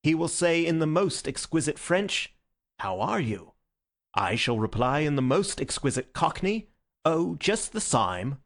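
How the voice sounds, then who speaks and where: A man voicing a tipsy, witty young gentleman in an audiobook, with a grand, bubbling delivery. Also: a little high, big pitch swings, unhurried, pitched above the performer's own voice. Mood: giddy. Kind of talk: audiobook character voice.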